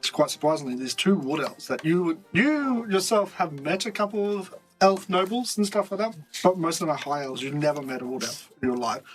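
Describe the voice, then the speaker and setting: A man's voice: a little high, rough recording. A man narrating a tabletop game as game master, loose and chatty with many fillers. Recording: music playing behind.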